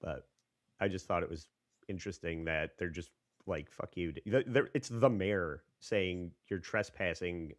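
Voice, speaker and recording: Low-voiced jokey podcast co-host, man. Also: normal speed, no echo, studio quality. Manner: laughs often, swears, loose and jokey. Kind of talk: casual chat.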